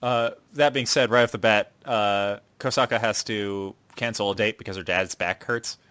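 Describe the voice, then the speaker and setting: A man's voice: fairly low pitch, steady tone, moderate pace, fairly bright tone, clean tone. A young man co-hosting a podcast, casually retelling a plot and acting out the lines. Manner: rambling plot recap with put-on voices. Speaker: podcast co-host. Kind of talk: casual chat.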